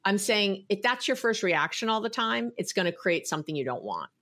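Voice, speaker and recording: A woman giving relationship advice in an emphatic, animated way during a casual podcast chat. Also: mid-range voice, fairly quick. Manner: emphatic, animated, repeats herself. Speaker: guest advice giver.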